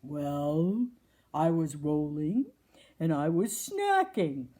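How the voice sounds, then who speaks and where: Woman doing a chill chubby possum guy in a storybook, low, draggy, kinda breathy. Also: sing-song, extremely slow, dark tone, heavily acted. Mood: playful. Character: chubby male opossum, playful and easygoing.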